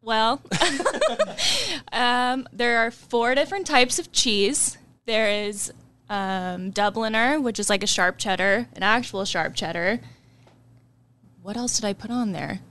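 A woman guest on a casual podcast, shy and hesitant, pausing with fillers. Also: on the high side, lively intonation, a bit bright, slight background noise. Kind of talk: casual group chat.

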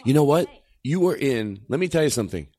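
A man's voice: medium pitch, fast, no echo, clean studio sound. A man hosting a loose comedic chat, swearing often and laughing through his bits. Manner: swearing, animated, breaks into laughs.

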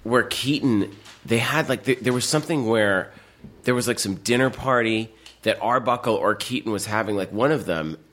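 With a mid-range, slightly bright voice at normal speed, this man spins meandering stories as a podcast co-host, leaning heavily on fillers and starting over often. There's a bit of background noise.

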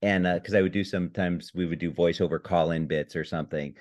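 A man from Indiana, a comedy writer, chatting as a podcast guest from his home, self-deprecating and halting, with restarts and laughs. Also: low-pitched, steady tone, a little mellow. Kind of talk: casual interview chat.

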